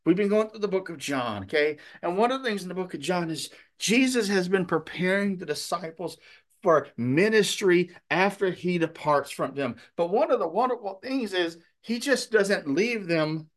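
Casual: pastor guy, fairly high voice, rambly story sermon with lots of uhs. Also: expressive, normal speed. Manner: conversational storytelling with fillers.

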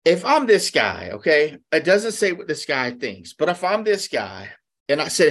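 A man's voice: high voice, sing-song, unhurried, a bit bright. A male pastor preaching a sermon in a conversational way, asking rhetorical questions and acting out quotes.

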